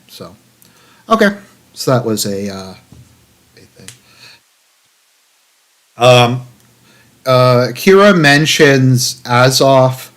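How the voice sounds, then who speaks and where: Streaming live commentary, a man with a medium, slightly bright voice reads an article aloud in a raised, mock-dramatic tone. He keeps cutting in with dry, sarcastic, profane remarks, rambling and full of fillers.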